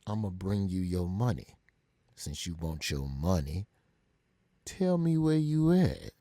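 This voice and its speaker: A man voicing a calm, quietly threatening record label boss who speaks slowly and low. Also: no echo, studio quality, exaggerated voice. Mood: calm menace.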